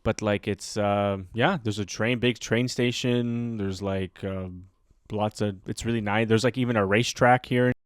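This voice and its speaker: A man's voice: lowish voice, steady tone, moderate pace, smooth, no echo, studio quality. A man from Canada co-hosting a podcast, telling stories in a rambling, hesitant way full of fillers. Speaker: podcast co-host. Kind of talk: casual chat.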